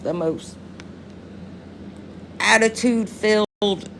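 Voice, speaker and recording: A woman's voice: medium pitch, takes it slowly, creaky, fairly bright tone. Young woman on a phone live, slangy, cussing, cracking up a lot, bit of faint noise behind. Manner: slangy, profane, bursts into laughter. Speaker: TikTok live streamer. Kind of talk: casual live-stream chat.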